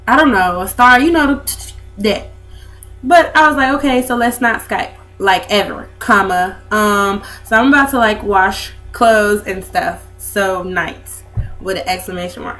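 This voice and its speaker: A woman's voice: medium pitch, fairly bright tone. A young woman, rambling in a casual vlog with lots of fillers. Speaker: vlogger. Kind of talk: casual chat to camera.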